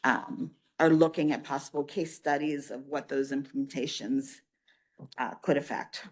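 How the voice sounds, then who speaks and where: A woman from a state agency presenting at a public commission meeting, answering questions in a measured way with frequent fillers. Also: very deep voice, steady tone, a little mellow, slightly rough.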